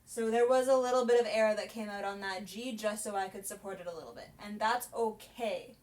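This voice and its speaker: A woman's voice: mid-range voice, brisk, darkish tone. A young woman, a soprano singing teacher, chatting through a casual vocal lesson in an explanatory way. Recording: voice from a distance, piano behind.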